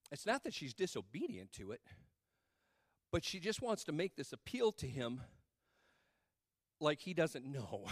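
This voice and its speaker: A man's voice: on the high side, sing-song, takes it slowly, long pauses, no room sound, studio quality. A man preaching a sermon in church, acting out scripture scenes with playful dialogue and building to a fervent call to prayer. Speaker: pastor.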